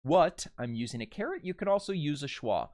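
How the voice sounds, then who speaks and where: A man's voice: on the high side, fairly quick. Chatty young man teaching phonetics. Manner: relaxed and chatty, with many fillers and restarts. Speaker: dialect coach. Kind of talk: casual video lesson.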